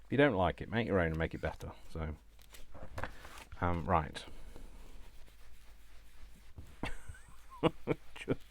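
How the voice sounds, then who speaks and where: A man who talks fast and loud, chatting to himself by name while making crafts. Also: low voice, a little hiss or hum. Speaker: crafting channel host. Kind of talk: casual chat while crafting.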